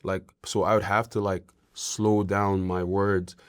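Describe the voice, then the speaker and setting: A young man from Ireland, a guest in a casual interview, talking in a relaxed, rambling way with many fillers. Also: deep voice, unhurried.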